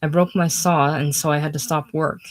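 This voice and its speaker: A casual audiobook reader voicing a poor German immigrant father who is hard of hearing, in a put-on German accent and a blunt, hurried manner. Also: medium pitch, fairly even intonation, lightly acted. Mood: anxious.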